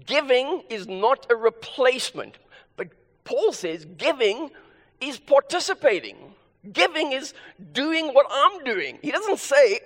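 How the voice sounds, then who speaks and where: A man's voice: very high voice, big pitch swings, unhurried, a bit bright. A male pastor preaching a sermon, emphatic and repeating his key phrases for weight. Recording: long hall reverb.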